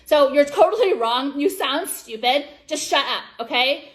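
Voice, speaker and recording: A woman's voice: high-pitched, expressive, measured pace, slight background noise. A woman vlogger ranting, combative and profane, with many filler words. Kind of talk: profane vlog rant.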